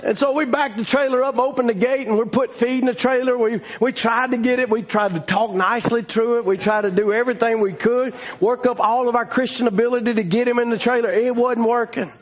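A man preaching a storytelling sermon, folksy and rising to shouting fervor. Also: extremely high pitch, steady tone, a little fast, hardly any pauses. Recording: dull lo-fi sound.

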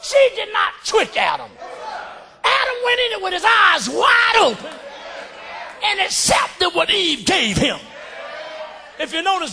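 Male preacher, fiery shouted sermon; high, bright, very lively pitch. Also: unhurried, creaky, pauses often, a faint crowd. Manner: fiery, calls for amens, acts out voices.

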